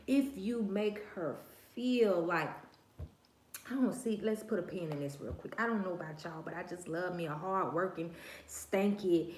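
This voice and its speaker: In a reverberant recording, a woman with a mid-range voice hosts a livestream and airs her opinions casually, using slang, heavy emphasis, a preachy tone, and repeated phrases.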